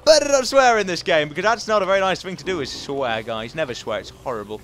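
A young man giving playful, goofy gameplay commentary, swinging between loud outbursts and muttering asides. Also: on the high side, expressive, fast, slight background noise. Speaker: gaming commentator.

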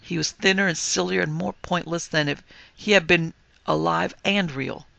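A man narrates a classic ghost story with heavy gravel in his voice. His tone is bright and forceful, and his pitch sits a little high. The sound is dry and close, and the delivery is measured and firm. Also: fairly even intonation, dry recording, highs cut off. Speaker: podcast host and reader.

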